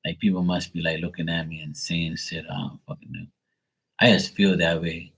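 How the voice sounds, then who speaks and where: This live stream tarot reader is a man with a deep, level voice that is a bit bright and slightly rough, with vocal fry at normal speed. He chats casually, rambling, cursing, and using plenty of fillers, all in a low-quality recording.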